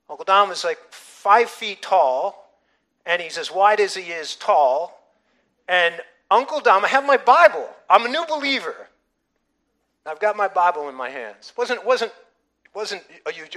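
Brief: middle-aged male pastor, emphatic sermon storyteller, bright tense tone. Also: on the high side. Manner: animated, emphatic storytelling with frequent restarts.

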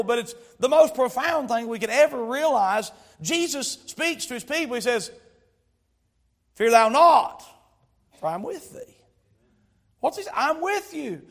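A man's voice: very high-pitched, creaky, a bit bright. A man preaching a sermon as a pastor, stretching out key words for emphasis and telling stories with humor. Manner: storytelling with humor.

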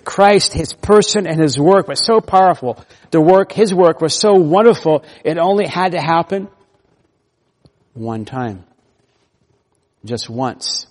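A man's voice: a little high, a little mellow, big-room sound. A man preaching an expository sermon, pressing hard on key words and repeating them for emphasis.

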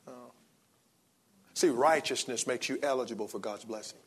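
A forty-something pastor preaches at a normal speed, his voice carrying a breathy edge. He moves back and forth between soft, low reflection and raised, energetic passages.

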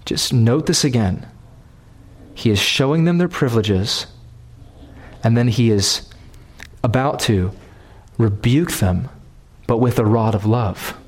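A man with a medium-pitched voice preaches a sermon, pleading and repeating phrases for emphasis. He rises to impassioned emphasis, then settles into quiet prayer.

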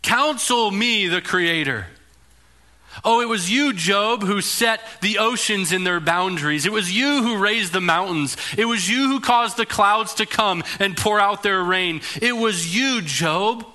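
A man's voice: measured pace, sharp tone. A man preaching who voices God as a mocking, roaring deity from the heavens. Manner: mocking, booming, theatrical.

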